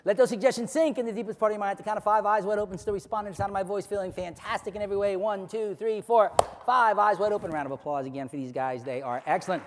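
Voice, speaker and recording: A man hypnotizing volunteers on stage, rattling off rapid, repetitive suggestions. His voice sits fairly high and the pace is very quick. It rings out through a large hall with a lingering echo. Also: a little hiss or hum. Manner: commanding, playful with volunteers. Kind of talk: live hypnosis stage show. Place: large hall before an audience. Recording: echoey hall, live stage.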